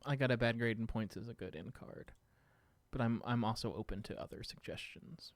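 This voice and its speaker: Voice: mid-range voice, fairly quick, no room sound. A podcast host chatting casually on a game stream, exasperated and self-deprecating about playing.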